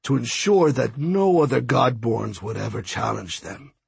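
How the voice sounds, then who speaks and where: Man voicing a menacing male death god, silky and mocking, husky, slow, storybook villain. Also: medium pitch, no room sound, full character voice. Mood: smug mocking.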